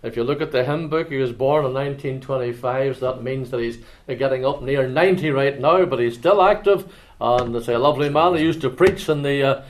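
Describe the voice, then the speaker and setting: This church sermon comes from a man from Northern Ireland whose Ulster-accented voice is medium in pitch. He tells anecdotes conversationally and later reads scripture slowly and solemnly.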